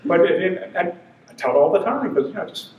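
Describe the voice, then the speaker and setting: A man's voice: high voice, brisk. Sixty-something man telling funny stories. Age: 60s. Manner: animated, acts out quoted voices, laughs through punchlines. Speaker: humor speaker. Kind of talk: humorous storytelling talk. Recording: echoey room, voice from a distance, noisy.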